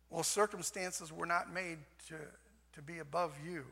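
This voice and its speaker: An older man preaching a sermon in a folksy way, repeating "amen" and swinging from soft passages to shouts. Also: on the high side, fairly even intonation, normal speed, gravelly. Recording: long hall reverb.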